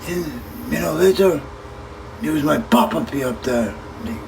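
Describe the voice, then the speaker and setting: A man's voice: medium pitch, measured pace, creaky, pauses often, darkish tone, slight background noise, rough recording. Casual man talking to stream viewers. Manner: talks to viewers, swears freely. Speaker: livestreamer. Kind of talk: casual livestream chat.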